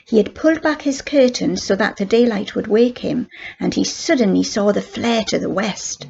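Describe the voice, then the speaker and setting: An older woman, a grandmother, reading a children's book aloud in steady, plain narration. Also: medium pitch, moderate pace, vocal fry, slightly rough, dull audio. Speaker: grandmother storyteller.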